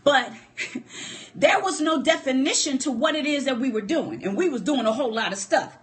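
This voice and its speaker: A woman's voice: high-pitched, lively intonation, moderate pace. A woman giving a motivational livestream talk from her phone, speaking emphatically, repeating key points and calling out to her listeners. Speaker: relationship speaker.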